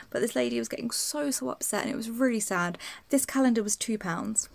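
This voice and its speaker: A woman's voice: on the high side, fast, gravelly, no echo. A young woman, chatting casually and bluntly to camera in a daily vlog, swearing now and then. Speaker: vlogger.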